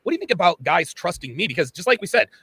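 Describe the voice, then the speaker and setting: A man's voice: sits high, big pitch swings, rapid-fire, fairly bright tone, breathy edge, no echo. A man hosting a live-stream talk show, rambling and self-searching, restarting his sentences.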